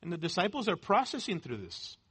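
A man delivers a sermon from the pulpit in short, deliberate phrases, hammering home his points by repeating key words. His voice sits high and has a bright, forceful edge. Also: huge pitch swings, husky. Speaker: pastor. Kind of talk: expository sermon.

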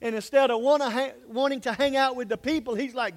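A man preaching a sermon, acting out voices and swinging from hushed asides to loud outbursts. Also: very high voice, fast. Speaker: pastor.

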